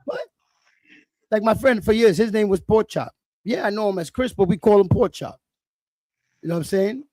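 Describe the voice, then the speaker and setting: A middle-aged man, talking bluntly and profanely in a casual chat, telling animated stories. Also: high voice, normal speed, no room sound. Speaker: livestream host.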